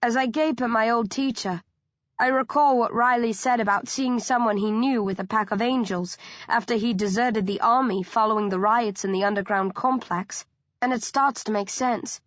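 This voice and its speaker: A woman reading a first-person audiobook narration in a steady storytelling manner. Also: on the high side, normal speed, no echo, lo-fi sound.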